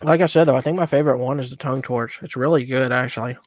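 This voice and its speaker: A man co-hosting a podcast in a relaxed, rambling chat, eating hot wings between sentences. His voice sits at an ordinary pitch and is recorded close and dry, with no room sound. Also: racing, no echo. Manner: easygoing, rambling with fillers. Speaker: podcast co-host.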